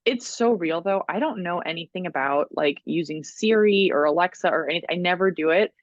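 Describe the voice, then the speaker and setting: A woman's voice: lowish voice, brisk, dry recording, dull audio. A woman co-hosting a podcast, telling stories in casual chat, full of "like"s and laughter. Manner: animated storytelling with many "like"s and laughs. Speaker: podcast co-host.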